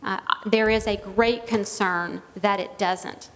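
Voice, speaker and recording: A woman's voice: medium pitch, fairly even intonation. Careful woman testifying in an echoing room. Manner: careful, measured, hedging. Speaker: witness giving testimony. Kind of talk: hearing testimony. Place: legislative hearing room. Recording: long reverb of a hearing room.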